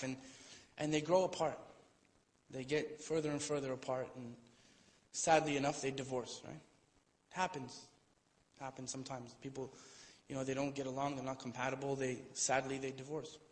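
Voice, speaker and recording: A man's voice: medium pitch, fairly even intonation, moderate pace. A man giving an Islamic lecture to an audience in a hall, telling a story conversationally with playful asides. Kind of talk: storytelling sermon. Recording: long hall reverb.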